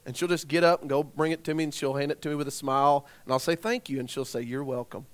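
Guy preaching to his church, high-ish voice, chatty, keeps asking the room questions. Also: fairly even intonation, rapid-fire, clear, resonant tone. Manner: conversational, asks the congregation rhetorical questions. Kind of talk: sermon.

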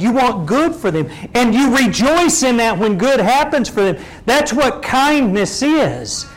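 A middle-aged man preaching a sermon, earnestly putting direct questions to his congregation. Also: high-pitched.

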